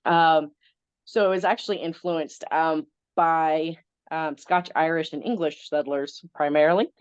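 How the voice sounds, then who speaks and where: A woman's voice: sits low, fairly even intonation, unhurried, clean tone, no room sound, dull audio. A woman in her thirties with a Southern American accent, chatting as a veterinarian guest with many ums. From Southern United States. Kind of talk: casual interview.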